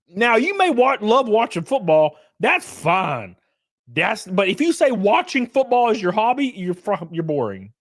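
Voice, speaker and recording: A young man streaming, ranting casually with lots of swearing, jumping between loud outbursts and low mutters. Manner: profane, ranting, swings between loud and mumbled. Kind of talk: casual livestream chat.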